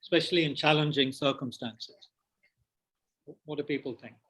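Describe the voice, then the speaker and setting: Man, meditation teacher, slightly high voice, rambling with fillers, mouth full of biscuits. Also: steady tone, moderate pace, a bit bright, slightly rough, poor audio. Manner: hesitant, many fillers and restarts. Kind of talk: teaching a dharma class with questions. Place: meditation centre.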